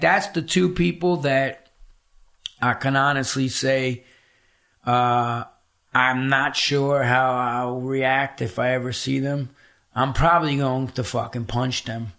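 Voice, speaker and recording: A man's voice: mid-range voice, a bit bright. A middle-aged man, a podcast guest, telling a personal story in a casual interview, blunt, profane and emphatic.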